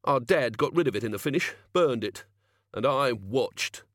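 A man's voice: mid-range voice, expressive, normal speed, fairly bright tone, no echo, clean studio sound, pitched above the performer's own voice, lightly acted. A man voicing a frightened male thug who stammers and quavers with dread. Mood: shaken. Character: terrified jittery male thug haunted by a childhood fear.

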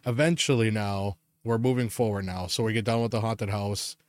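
A young man co-hosting a podcast in casual chat, telling animated stories with lots of swearing and laughter. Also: lowish voice, moderate pace, no echo, studio quality. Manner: swears a lot, laughs often, animated storytelling. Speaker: podcast co-host.

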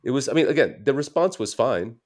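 A man's voice: medium pitch, expressive, a little fast, darkish tone. A man from the United States, a comedian guest telling stories in casual interview chat, rambling and correcting himself as he goes. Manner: rambling, self-correcting storyteller.

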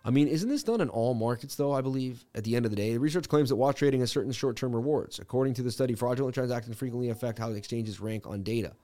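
A man hosting a crypto trading livestream, talking in a halting way with many fillers and restarts, and reading news items aloud with his own comments. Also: mid-range voice, dark tone. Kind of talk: casual livestream talk.

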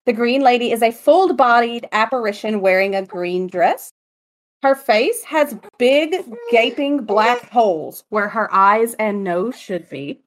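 A woman's voice: a little high, lively intonation, a little slow. A woman co-hosting a casual chat, telling ghost stories in a joking, chatty way. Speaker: podcast co-host.

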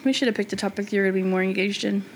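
A woman co-hosting a casual podcast chat, blunt and quick to swear, getting worked up fast. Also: mid-range voice, fairly even intonation. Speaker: podcast co-host.

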